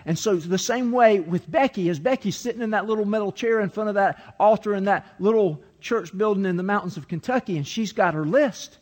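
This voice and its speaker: A man's voice: high-pitched, a little fast, few pauses. A man preaching a sermon as pastor, telling a story and reading scripture, acting out the quoted voices as he goes.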